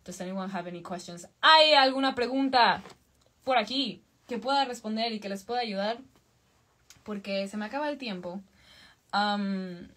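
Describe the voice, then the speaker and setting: Bubbly, bright-voiced Mexican woman. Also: mid-range voice. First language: Spanish. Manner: bubbly, switches between English and Spanish. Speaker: band singer on a live stream. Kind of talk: casual chat reading fan comments.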